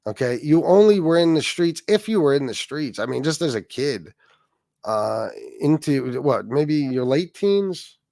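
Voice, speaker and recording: A man's voice: fairly high pitch, lively intonation, a little slow, gravelly, dark tone, dry recording, studio quality. A man hosting a livestream, commenting on clips with mocking, scornful asides. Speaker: livestream host.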